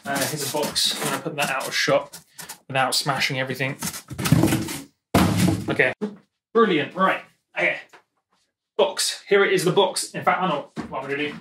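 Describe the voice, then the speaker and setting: Male vlogger, fairly high voice, rambling self-mocking chatter, recorded on a camera mic across an echoey studio. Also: fairly even intonation, moderate pace, long pauses, recorded from a distance, noisy background. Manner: rambling, self-mocking, talks to himself while handling gear. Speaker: music producer and vlogger. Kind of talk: casual studio vlog, talking to camera. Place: home music studio, indoors. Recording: echoey room, voice often off-mic.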